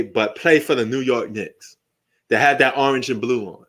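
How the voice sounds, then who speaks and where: A middle-aged man hosting a live sports stream, talking loosely and with lots of profanity as he reminisces and jokes about old highlights. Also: brisk, a bit bright. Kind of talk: casual live commentary.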